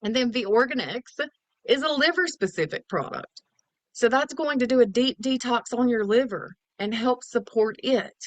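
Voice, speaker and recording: A woman's voice: a little high, no echo. A woman giving a chatty, casual product overview as a wellness promoter. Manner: chatty, salesy, casual slang.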